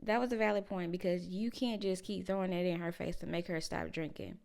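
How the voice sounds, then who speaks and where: A woman's voice: fairly low pitch, brisk, creaky. A woman casually recapping a reality show and giving her blunt, opinionated, slangy take on it. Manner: opinionated, animated, informal slang.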